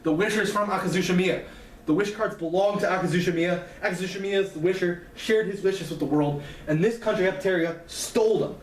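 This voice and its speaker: In a fast, high voice, a man loosely retells his own novel's plot, leaning on fillers and starting over often, like a casual recap lecture. It's recorded from a distant mic in a roomy space, with faint noise.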